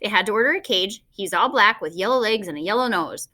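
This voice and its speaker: A woman's voice: medium pitch, expressive, fast, sharp tone. A woman voicing an eager, insistent five-year-old boy in an audiobook, with a sing-song way of talking. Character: excited pushy little boy, about five. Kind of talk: audiobook character voice.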